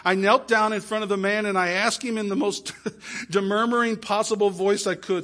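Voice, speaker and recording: High-voiced man telling an emotional sermon story. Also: steady tone, normal speed. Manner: emotional retelling in first person, swinging from soft pleading to loud exclamations. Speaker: preacher.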